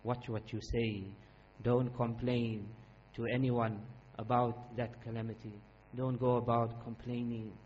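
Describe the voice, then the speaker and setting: A man delivers an earnest, emphatic sermon at a middling pitch, leaning on repetition and quick recitation of Arabic verses. The recording is dull and lo-fi, with a faint hum underneath. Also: a little mellow. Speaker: Islamic preacher.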